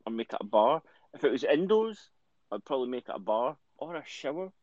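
A man with a Dundee Scottish accent chats in an easygoing, jokey way on a podcast, swearing now and then. His voice sits in a middle pitch. The recording is dry and dull, with a lo-fi sound. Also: very animated, fairly quick, a little mellow, no echo. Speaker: podcast co-host. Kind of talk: casual chat.

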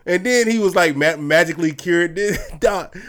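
High-voiced, laughing man bantering. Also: slow pace, a bit bright. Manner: joking, laughs often, riffs with slang. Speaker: podcast co-host. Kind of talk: casual banter.

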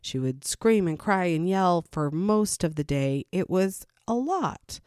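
A middle-aged woman speaks candidly about parenting in a slightly low voice. She acts out quotes in sudden higher tones and sometimes laughs between points. The sound is close and dry, with no room around it. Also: lively intonation, takes it slowly, a little mellow, clean tone, no room sound. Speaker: parent sharing her experience. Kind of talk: casual personal talk to viewers.

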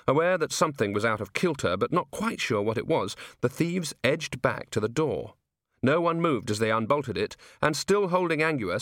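A male audiobook narrator with a wry, expressive delivery. His pitch moves a lot from phrase to phrase at a mid register, and the recording is close and dry with no room sound. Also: no echo.

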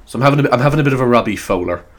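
A man's voice: mid-range voice, animated, very fast. A man with an Irish accent hosting his solo podcast, chatting casually in a rambling, self-mocking way with frequent swearing. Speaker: podcast host. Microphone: new microphone.

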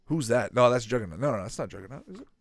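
Male reaction host, lively rising and falling voice, dry close sound, excitable, chats to viewers. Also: medium pitch, dry recording. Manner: excitable, thinking aloud, quick reactions; asks the viewers questions. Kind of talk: casual live commentary while watching a video.

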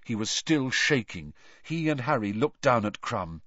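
Man reading a story, lively and dramatic. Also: medium pitch, unhurried, no room sound, dull audio. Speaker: audiobook reader. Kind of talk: storybook narration.

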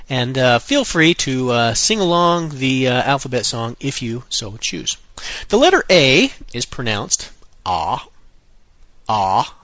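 Slow, lively-pitched language teacher, man. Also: dry recording, lo-fi sound. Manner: slow, clear repetition drills with occasional dry asides. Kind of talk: recorded language lesson.

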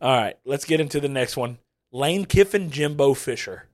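Rowdy, profane sports podcast host. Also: male voice, mid-range voice, normal speed. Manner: profane, laughs often, animated storyteller. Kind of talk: rowdy casual sports chat.

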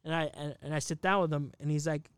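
A man's voice: fairly high pitch, steady tone, fast, smooth, no room sound, studio quality. A man in his twenties telling a rambling, profane story in a casual podcast chat. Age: 20s. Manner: rambling, profane, laughs at himself.

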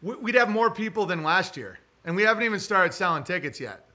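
Man in his 30s, streamer, high bright voice, crude rambling delivery, reads donation messages. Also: animated, fairly quick. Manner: crude, rambling, mocks pronunciations. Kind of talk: casual rambling livestream chat.

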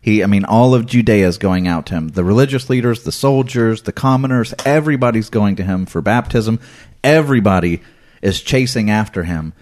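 A man's voice: on the low side, fairly quick, a little mellow. A man who is a pastor, talking earnestly and with emphasis in a casual podcast discussion.

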